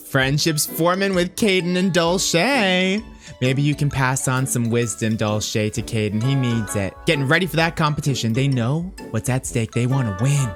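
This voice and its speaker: A man's voice: a little high, expressive, moderate pace, a bit bright, faint music behind. A man giving casual, playful commentary over a life-sim game, teasing the characters and exclaiming often. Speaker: gameplay commentator.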